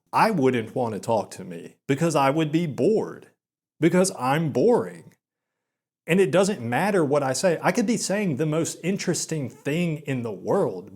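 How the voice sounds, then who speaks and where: Slow, monotone young man. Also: a little high. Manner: slow, flat delivery with many filler words; frequent quick stutters. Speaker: channel host. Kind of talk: self-deprecating vlog monologue.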